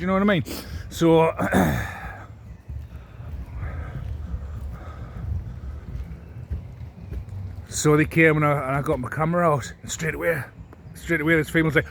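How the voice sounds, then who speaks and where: A man's voice: on the high side, slow, vocal fry, long pauses, slight background noise. A man, ranting into his phone with heavy swearing and indignant repetition. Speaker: vlogger. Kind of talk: ranting monologue to camera.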